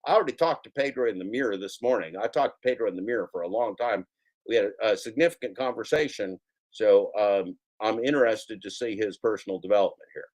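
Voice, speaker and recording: A man's voice: fairly low pitch, fast, a little mellow. A man hosting a casual reaction stream, commenting on clips with playful, jokey mock warnings to his viewers.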